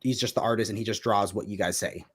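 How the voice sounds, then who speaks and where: Guy rattling off a long question real fast, curious. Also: lowish voice, fairly even intonation, husky. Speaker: interviewer. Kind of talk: casual interview chat.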